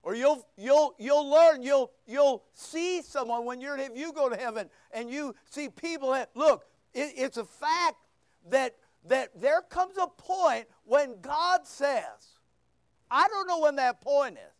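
A man's voice: very high-pitched, takes it slowly, no room sound, clean studio sound. A man preaching a sermon, reading scripture and acting out voices as he goes. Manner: animated preaching, acts out quoted voices. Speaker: pastor.

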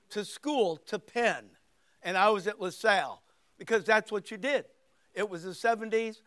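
A man in his sixties preaching a sermon, telling a folksy story and acting out the voices in it before rising into forceful preaching on scripture. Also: sits high. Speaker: pastor.

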